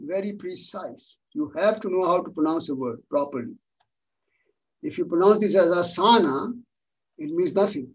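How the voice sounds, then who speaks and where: A man's voice: high voice, husky, far from the mic, lo-fi sound. A man teaching yoga philosophy in an online class, patient and repeating words for emphasis, heard over a video call.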